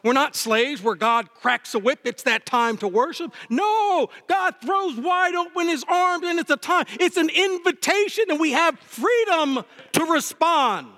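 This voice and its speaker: A man preaching a sermon as pastor, with impassioned delivery that swings between fervent highs and low, emphatic lines. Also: bright, forceful tone. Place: church sanctuary. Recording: long reverb of a church hall. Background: hall reverb.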